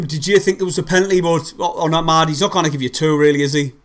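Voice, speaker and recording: A young man calls a football match live for his fan stream, and he swears freely as his frustration spills over. His voice sits a little high for a man. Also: steady tone, fast. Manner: swears heavily, shouts in frustration. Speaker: fan livestream host. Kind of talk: live match reaction commentary.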